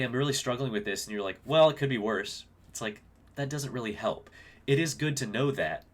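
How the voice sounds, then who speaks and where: Man, musician, casual reflective talk, rambling with fillers, slightly low voice. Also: fairly bright tone. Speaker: musician explaining his own song. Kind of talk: casual talk breaking down song lyrics.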